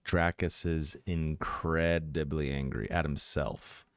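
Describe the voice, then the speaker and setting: A man playing a tabletop game, narrating his character's actions in a measured, descriptive way. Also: very deep voice, fairly even intonation, a bit bright, smooth, dry recording, clean studio sound. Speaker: player.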